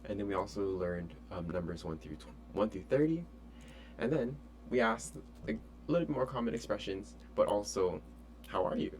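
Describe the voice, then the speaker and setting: Man, low voice, casual French tutor, chatty with fillers, faint hum. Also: moderate pace. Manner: relaxed, chatty, many fillers. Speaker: French teacher. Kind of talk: casual online lesson.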